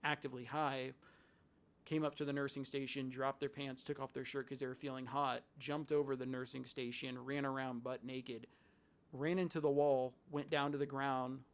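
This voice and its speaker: A man's voice: medium pitch, little pitch movement, moderate pace, smooth. A man who worked in a psychiatric hospital, telling stories in a loose, rambling way with restarts and quoted asides. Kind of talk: casual storytelling to camera.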